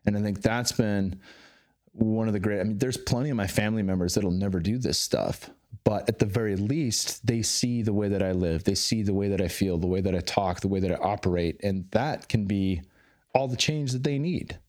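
Candid, swearing man with a low voice. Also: moderate pace. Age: 30s. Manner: candid, swears freely, animated. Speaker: podcast guest. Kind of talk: casual interview conversation.

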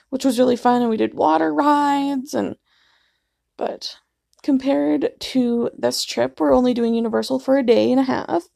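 This vlog features a woman in her twenties who casually rambles through self-deprecating anecdotes to camera, with lots of fillers. Her voice sits high and warm with vocal fry, in a dry, clean studio recording.

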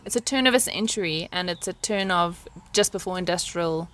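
A woman's voice: on the low side, brisk, a bit bright. A woman co-hosting a podcast in casual chat, rambling and laughing often. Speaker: podcast co-host.

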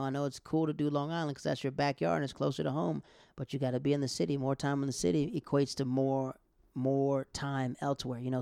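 A young man, a stand-up comic telling stories in a casual chat, animated, laughing often and acting out what people said. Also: medium pitch, creaky, clear, resonant tone, no echo, studio quality. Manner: animated, quick bursts, laughs often, acts out quotes. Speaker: stand-up comic and podcast host.

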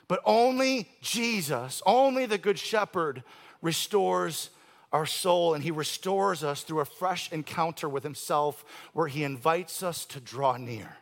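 A man in his forties preaching a sermon from the pulpit. His voice sits high for a man and has a gravelly edge. He swings from forceful declarations to near-hushed moments, then drops into casual, dry-humored asides. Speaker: pastor.

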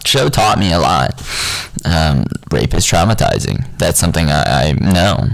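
A man's voice: low-pitched, expressive, a little slow, vocal fry, dry recording, rough recording. A young man talking in a rambling, profane, unfiltered casual monologue.

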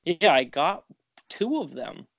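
A man's voice: a little high, very animated, slow pace, vocal fry, fairly bright tone, breathy edge, no echo, dull audio. A young man co-hosting a podcast, joking in slang and often stumbling mid-sentence. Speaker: podcast co-host. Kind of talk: casual chat.

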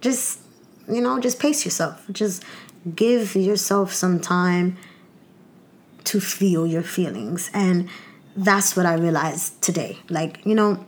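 A woman's voice: on the low side, slow. A young woman with a New York accent hosting a personal podcast monologue, talking candidly and emotionally, close to tears, with many fillers and restarts. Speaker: podcast host.

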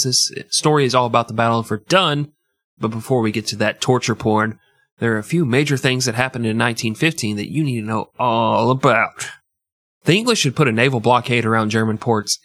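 A man's voice: mid-range voice, a bit bright, no room sound. A man hosts a casual history podcast, telling the story with crude jokes and frequent laughter. His voice sits in the middle range. It is recorded dry, close to the mic. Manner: crude, joking, laughs often. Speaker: podcast host.

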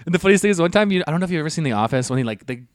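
A man co-hosting a casual podcast, telling stories full of swearing and loud laughs, acting out the people in them. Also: fairly high pitch, animated, rapid-fire, dry recording, studio quality. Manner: swearing storyteller, acts out voices, laughs loudly. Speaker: podcast co-host.

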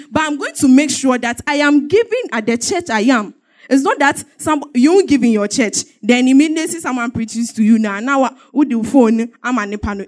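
A woman with a high voice gives an emotional testimony in church. She tells her story emphatically, repeating herself and breaking into bursts of laughter.

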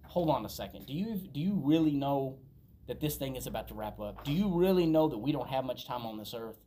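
A man's voice: mid-range voice, lively intonation, fairly quick, dark tone, slight background noise. A man preaching a sermon as a pastor, talking conversationally and telling stories, building to emphatic peaks.

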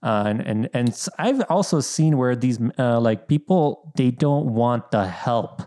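A young man from Bosnia chatting casually, telling animated stories full of "like" fillers. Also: mid-range voice, a little slow. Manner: animated storytelling, lots of "like" fillers. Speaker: podcast guest, content creator. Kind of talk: casual chat.

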